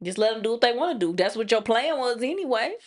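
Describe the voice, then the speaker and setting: A woman's voice: fairly high pitch, quick pace. A woman in her thirties or forties co-hosting a podcast, blunt and sassy in casual chat. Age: 30s to 40s. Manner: sassy, blunt, animated acted-out quotes. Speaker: podcast co-host.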